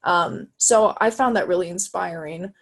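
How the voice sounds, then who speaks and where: 18-year-old woman, video call, halting and eager, lots of fillers. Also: fairly low pitch. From Illinois, USA. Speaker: guest, jazz trumpet player. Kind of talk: casual conversation on a video call. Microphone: video call microphone.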